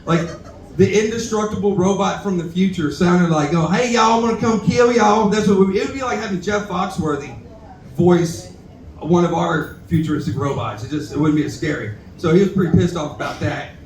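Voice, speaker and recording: A man's voice: on the high side, fairly quick, darkish tone, far from the mic. A young man doing a rambling, self-deprecating, profane stand-up set and talking back to the crowd. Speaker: stand-up comedian at open mic. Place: bar stage, roomy and echoey. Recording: echoey bar room recorded from afar.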